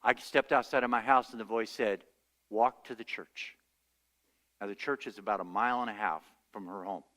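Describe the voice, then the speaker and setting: A man's voice: lowish voice, fast talker, few pauses, sharp tone, in a large hall. A male pastor preaching a sermon, telling stories and acting out the voices he quotes. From United States. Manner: storytelling, acts out quoted voices. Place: church sanctuary.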